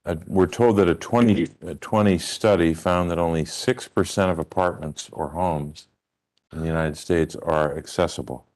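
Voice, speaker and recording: Man, very low voice, committee chair, deliberate questions, repeats for emphasis. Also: steady tone, darkish tone. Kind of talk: chairing a public hearing.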